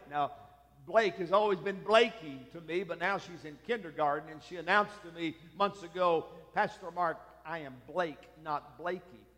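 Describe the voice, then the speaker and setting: Man, pastor, sermon, high voice, unhurried delivery, long echoing reverb. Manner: slow, emphatic preaching with soft dropped endings.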